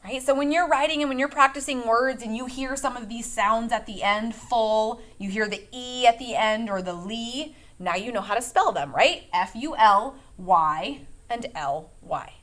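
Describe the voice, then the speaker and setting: A woman's voice: on the high side, normal speed, a bit bright. Patient woman teaching a phonics lesson. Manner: clear, patient classroom instructions with lots of okays.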